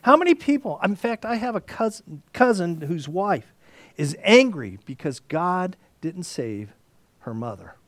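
A man preaching a sermon, dropping to whispers and rising to near shouts as he acts out the story. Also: high voice, sing-song, measured pace, no echo. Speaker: pastor.

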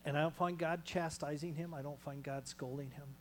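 A male pastor preaching a sermon in a small church, moving between loud calls and hushed near-whispers. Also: fairly high pitch, fairly even intonation, fairly quick, background noise.

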